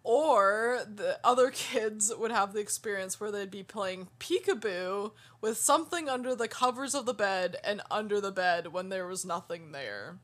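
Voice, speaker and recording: A woman's voice: mid-range voice, normal speed, few pauses, fairly bright tone. A woman co-hosting a paranormal podcast, chatting casually and reading out notes with frequent laughs. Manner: laughs often, reads details aloud. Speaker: podcast co-host.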